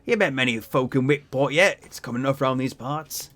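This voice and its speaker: A man reading as a gruff old sea captain. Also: medium pitch, fairly bright tone, close to an everyday voice. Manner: slow, heavy storytelling read-aloud.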